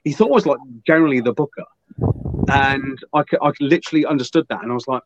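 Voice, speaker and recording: A man's voice: medium pitch, quick pace, no echo. A man telling a profane, rambling anecdote on a podcast, slipping into quoted voices. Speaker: podcast guest. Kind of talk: casual storytelling. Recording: dull, slightly lo-fi dry sound.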